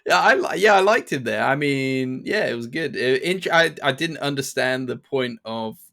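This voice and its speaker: A man's voice: mid-range voice, lively intonation, moderate pace, gravelly, pushed and bright. A man co-hosting a podcast, chatting casually about a film and often restarting his sentences. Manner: hesitant, many restarts and fillers. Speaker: podcast co-host. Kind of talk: casual film review chat.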